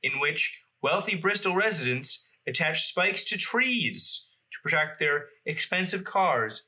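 A man's voice: a little high, very animated, unhurried, pushed and bright. A man from the Boston area co-hosting a podcast, reading facts aloud in casual chat and laughing often. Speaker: podcast co-host.

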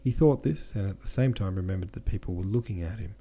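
A man reading a classic novel aloud as a podcast narrator, steady, with small slips he corrects himself. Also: sits low, fast. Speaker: audiobook narrator and podcast host.

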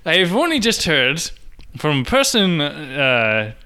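An Irish man reading a letter as a pompous young male wizard, halting and slipping back into his own accent. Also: a little high, wildly swooping pitch, pushed and bright, smooth, full character voice.

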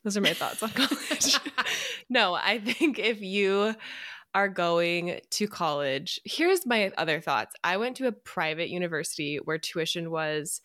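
A young woman with a fairly low voice, talking about herself in a relaxed podcast chat. She rambles openly and giggles, and the sound is dry and close. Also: measured pace, no room sound. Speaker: podcast co-host, interviewee. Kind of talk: casual chat.

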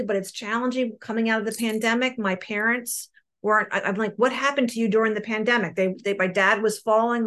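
A woman's voice: mid-range voice, fairly bright tone. A middle-aged woman with a New Jersey accent, sharing her recovery story frankly and earnestly on an online meeting call, often repeating words as she goes. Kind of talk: personal recovery share.

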